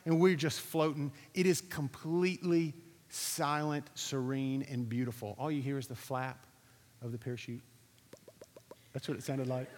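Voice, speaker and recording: A man preaching, telling a lively personal story to his audience, acting out what others said, then drawing a lesson from it. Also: medium pitch. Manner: animated storytelling, acting out quotes, asking the audience. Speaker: pastor. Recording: reverberant hall recording.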